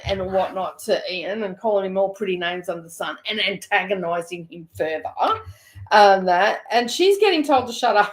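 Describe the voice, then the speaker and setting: Chatty Australian woman telling a story. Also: medium pitch. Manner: animated, laughing, chatty. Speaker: host. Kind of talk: casual storytelling.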